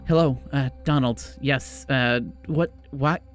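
A man's voice: mid-range voice, slow, faint music behind, lightly acted. A man voicing a nervous, twitchy young Parisian man who stammers and hesitates. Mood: flustered.

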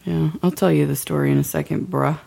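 A woman's voice: sits low, big pitch swings, fast, gravelly, dark tone, slightly rough. A woman hosting a casual podcast chat, teasing and joking with her guests and swearing now and then. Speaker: podcast host.

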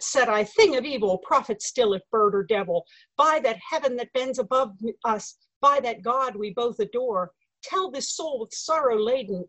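Breathy woman reciting poetry dramatically. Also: fairly high pitch, no echo, rough recording. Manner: theatrical, swinging from hushed to loud.

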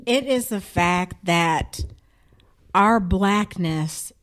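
A woman's voice: lowish voice, extremely slow, a bit bright. A woman co-hosting a casual discussion, talking in an impassioned, emphatic way.

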